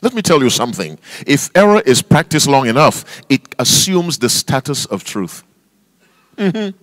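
A man's voice: medium pitch, very animated, normal speed, fairly bright tone, dry recording. A male pastor preaching a sermon, quizzing his congregation with call-and-response questions and reading scripture aloud with emphasis. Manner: reads scripture aloud in King James wording; emphatic, spells out words for stress.

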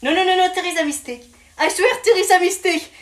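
A man with a French accent voicing his small pet dog, shrill and panicky. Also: fast, fairly bright tone, roomy sound. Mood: pleading.

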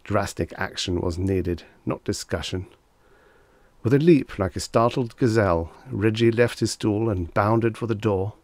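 An audiobook narrator with a low voice reads an old short story from a script, keeping his delivery even and measured. The sound is dry and close-miked, with no room sound or echo.

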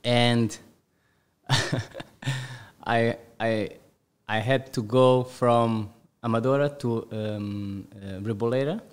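A man's voice: medium pitch, fairly even intonation, clean tone. Man, telling stories. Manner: halting non-native English, lots of self-repair. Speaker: podcast guest, footballer. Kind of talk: casual storytelling.

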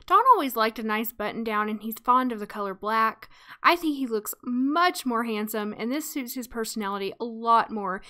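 Bright-voiced woman narrating a game. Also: a little high. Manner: chatty, amused. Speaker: let's play host. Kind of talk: casual game commentary with storytelling.

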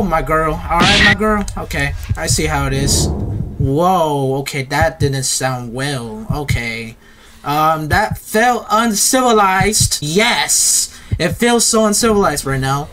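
A man's voice: a little high, animated, takes it slowly, pushed and bright, faint music behind. A young man doing casual horror game commentary, nervous and jittery, chatting to the game characters. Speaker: gaming YouTuber. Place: home gaming setup. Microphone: desk mic with facecam.

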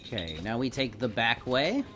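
A man streaming a video game, commenting live, swearing and yelling at enemies, his voice a little hoarse. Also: mid-range voice, moderate pace. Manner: excitable, swears and yells at enemies. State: slightly hoarse, frog in throat. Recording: game music behind voice.

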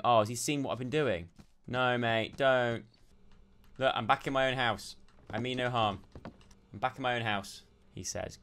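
A young man doing let's play commentary, excitable and jumpy, yelping and shouting when startled. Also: medium pitch, moderate pace. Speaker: gaming YouTuber.

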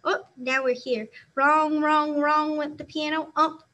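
A woman teacher reading a children's novel aloud, expressive and acting out the sound words. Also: high voice, normal speed.

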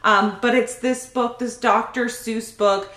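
A woman's voice: a little high, fairly even intonation, unhurried, a bit bright. Giggly woman gushing over gifts. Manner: giggly, gushing, often laughing. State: pregnant. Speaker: YouTube vlogger. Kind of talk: casual unboxing chat. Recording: roomy echo.

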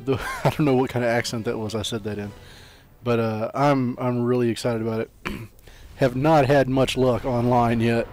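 A man's voice: mid-range voice, steady tone, normal speed, a little mellow, faint music behind. Chatty hyped gamer guy rambling. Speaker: let's play gamer. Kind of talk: casual gameplay commentary.

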